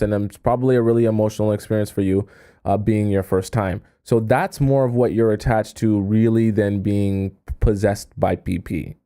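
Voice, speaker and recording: A man's voice: on the low side, warm tone. A man hosting a live stream as a dating coach, giving casual advice in a chatty way, often checking in with "okay?" and using coy euphemisms.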